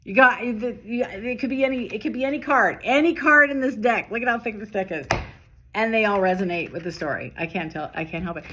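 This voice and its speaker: A tired woman reading tarot late at night, talking in rapid bursts that stop and restart mid-sentence. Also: mid-range voice, pushed and bright, a little hiss or hum. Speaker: tarot reader.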